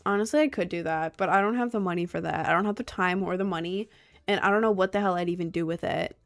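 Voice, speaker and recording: A woman's voice: lowish voice, fast talker. Sleepy young woman rambling on stream. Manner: rambling, filler-heavy, chatty. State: sleepy, keeps yawning. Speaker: livestreamer. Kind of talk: casual livestream chat. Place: home streaming setup at a desk.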